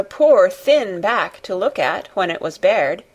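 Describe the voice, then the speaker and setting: A woman reading a classic novel aloud as an expressive audiobook narrator. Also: medium pitch, slow, dull audio. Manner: expressive storytelling. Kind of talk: scripted narration.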